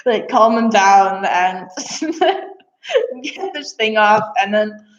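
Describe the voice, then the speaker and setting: A woman's voice: mid-range voice, drawn-out words. Chatty young woman laughing through a story. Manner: animated, laughs often, many fillers. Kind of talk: casual storytelling. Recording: echoey room, dull lo-fi sound.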